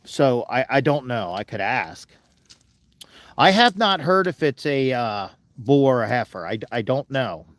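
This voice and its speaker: A man's voice: medium pitch, lively intonation, unhurried, fairly bright tone, dry recording. A man hosting a casual livestream, talking in a folksy, chatty way and fussing affectionately over an animal. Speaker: livestream host.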